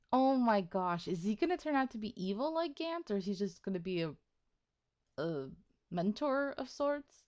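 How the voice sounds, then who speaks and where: A woman's voice: medium pitch, big pitch swings, measured pace, a little mellow. A woman giving casual, chatty commentary on a game playthrough, musing aloud and laughing often. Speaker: gamer, let's play host.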